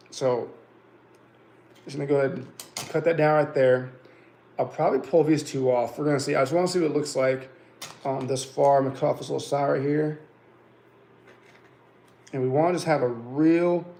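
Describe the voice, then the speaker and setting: Male fishing host, gravelly, chatty how-to livestream, echoey room. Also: mid-range voice, darkish tone. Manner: folksy, chatty, says "guys" and "y'all" often. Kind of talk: casual fishing tips livestream.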